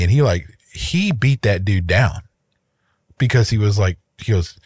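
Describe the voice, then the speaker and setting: Low-voiced man telling a story. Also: animated, measured pace, a little mellow, husky, dry recording. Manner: rambling, with frequent restarts and repeated words. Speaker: podcast co-host. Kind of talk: casual chat, personal storytelling.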